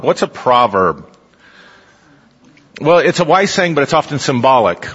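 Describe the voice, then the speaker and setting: A man's voice: medium pitch, fairly bright tone, slightly rough. A man preaching a sermon, teaching in a conversational way and putting questions to his listeners. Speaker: pastor. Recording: dull, reverberant hall recording.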